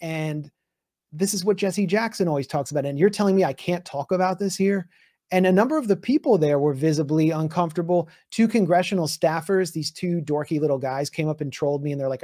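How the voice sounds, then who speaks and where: A man, a guest journalist, telling a heated political story in an animated way with restarts. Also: a little high, no echo, clean studio sound. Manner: heated, fast recounting with restarts.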